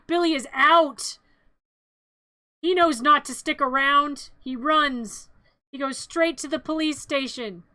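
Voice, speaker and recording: A woman's voice: sits high, slow, sharp tone, no room sound. A woman streamer retelling a film as a comedy bit, playful and rambling, with frequent asides.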